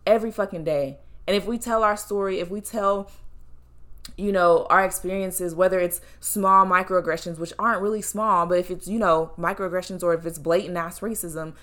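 A woman's voice: lowish voice, fairly even intonation, normal speed, fairly bright tone. A young woman co-hosting a podcast, talking bluntly and with heavy swearing in a heated, emotional casual chat. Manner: blunt, profane, impassioned. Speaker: podcast co-host.

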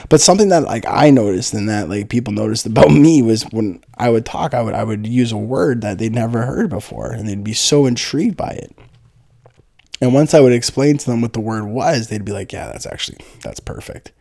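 A man's voice: mid-range voice, a little fast, vocal fry, dark tone. A man, telling a rambling, profane comedic story full of fillers and restarts. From Niagara, Ontario, Canada. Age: 30s.

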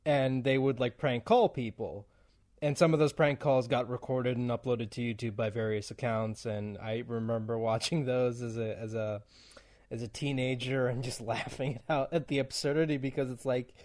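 A man hosting a podcast interview, talking in an animated, easygoing way. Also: mid-range voice, normal speed. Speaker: podcast host. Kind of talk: casual interview chat.

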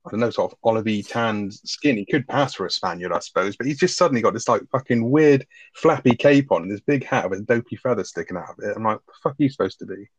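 A man with a fast, casual and sweary way of talking, reviewing a film with a co-host. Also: fairly low pitch, expressive, slightly rough, no echo. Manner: swears freely, retells scenes with quoted lines. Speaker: podcast co-host.

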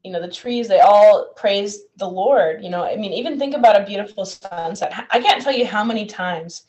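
A woman co-hosting a casual Christian podcast, earnest and relaxed, reading and explaining Bible verses. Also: mid-range voice, moderate pace. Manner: earnest, relaxed, reads scripture aloud. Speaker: podcast co-host. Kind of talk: casual faith chat.

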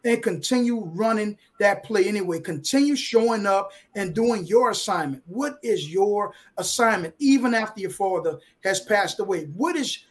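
High-voiced man giving an emotional motivational talk. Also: normal speed, few pauses. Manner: emotional, preachy, with sports metaphors. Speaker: guest author. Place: live online video feed.

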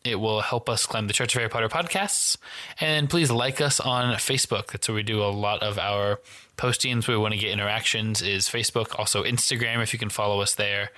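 Bright-voiced male podcast co-host. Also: on the low side, fairly even intonation, fairly quick. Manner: upbeat, wraps up the episode with thanks and plugs. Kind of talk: casual podcast chat.

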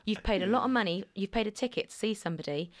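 A woman singer from Alderney, chatting casually and telling lively stories. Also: medium pitch, quick pace. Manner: chatty, animated storyteller who slips into impressions. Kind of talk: casual chat.

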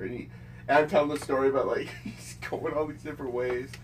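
A man's voice: mid-range voice, fairly even intonation, quick pace, a little hiss or hum. A man recounting a story in casual chat, chuckling and swearing as he quotes people. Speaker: friend chiming in on the story. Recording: distant from the mic.

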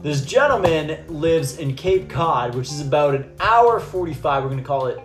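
A young man from Massachusetts co-hosting a casual podcast, rambling through a profane story and doing both voices of a phone call. His voice sits at an ordinary pitch. It sounds echoey, with faint music underneath. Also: expressive, moderate pace. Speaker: podcast co-host. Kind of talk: casual chat.

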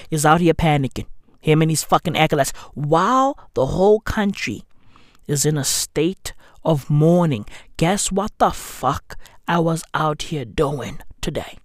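A woman delivering a sarcastic, swear-filled vlog rant at an unhurried pace. Her voice sits close and dry on the mic with no room around it. She veers between loud outbursts and hushed, self-mocking asides. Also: medium pitch, no echo. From South Africa. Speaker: vlogger.

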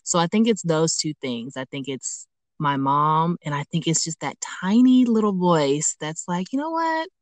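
A low-pitched woman hosts a conversational podcast, thinking aloud as she talks, often pausing on an "um" before she finds the words. Her voice sits close and dry on the mic, with no room sound. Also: animated, no echo. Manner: reflective, searching for words with frequent ums. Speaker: podcast host. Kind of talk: conversational interview.

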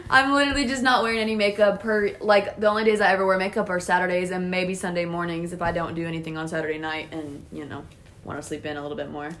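A young adult woman co-hosting a casual chat, telling a story in an animated, profane way. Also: on the low side, quick pace, background noise.

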